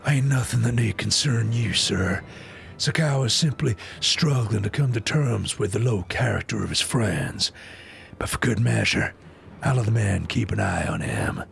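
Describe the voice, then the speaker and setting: A man voicing a calm, gruff older man with a slow put-on drawl over a game. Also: on the low side, soft background music, voice pushed down.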